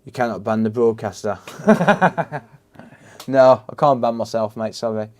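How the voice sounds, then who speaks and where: Black Country man, casual live-stream host, mid-pitched, laughs a lot, chats with viewers. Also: a little slow. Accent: Black Country English. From England. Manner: chatty, laughs often, talks to chat by name. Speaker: livestream host. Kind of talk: casual live-stream chat while repairing.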